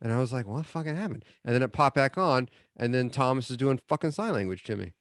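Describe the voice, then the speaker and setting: A man co-hosting a podcast over a video call, talking casually in an excitable, profane, exaggerated way. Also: medium pitch, fast talker, dry recording, studio quality. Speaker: podcast co-host. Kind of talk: casual chat. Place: home, remote video call.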